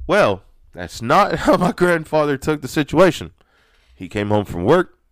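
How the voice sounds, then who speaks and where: A man hosting his own podcast, telling personal stories in a ranty, profane, animated way that gets loud when he is excited. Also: on the high side, unhurried, dry recording, clean studio sound. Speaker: podcast host. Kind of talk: ranty personal storytelling monologue.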